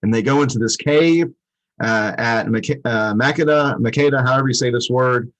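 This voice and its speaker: A man's voice: mid-range voice, moderate pace, a bit bright, low-quality recording. A man co-hosting a Bible study show, explaining a passage in a rambling, conversational way with many restarts.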